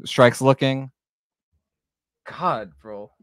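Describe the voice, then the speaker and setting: A man doing live play-by-play of a baseball game on a stream, joking, swearing and shouting on big plays, a bit out of breath. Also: medium pitch, very slow, smooth, no echo, clean studio sound. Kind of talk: live amateur play-by-play commentary.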